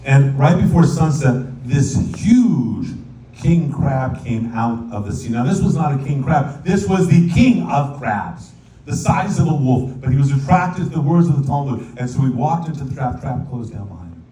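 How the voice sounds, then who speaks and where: A rabbi telling a folk tale as a sermon, lively and playful, now and then singing verses in Hebrew. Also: male voice, mid-range voice, moderate pace. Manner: animated storyteller, sings Hebrew verses. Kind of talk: storytelling sermon. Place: synagogue sanctuary. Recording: echoey hall, distant mic, faint room noise.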